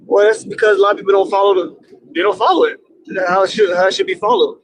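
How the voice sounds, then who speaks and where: A man calling into a debate stream, earnest and hesitant with many pauses. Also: high-pitched, steady tone, no echo, poor audio. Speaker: caller. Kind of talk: call-in debate.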